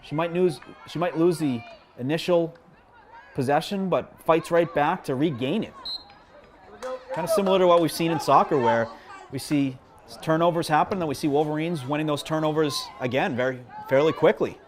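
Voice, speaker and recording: A man doing live play-by-play commentary at a high school field hockey game, chatty and self-deprecating, joking with the viewers between plays. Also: moderate pace. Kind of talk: live local sports commentary. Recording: crowd noise behind.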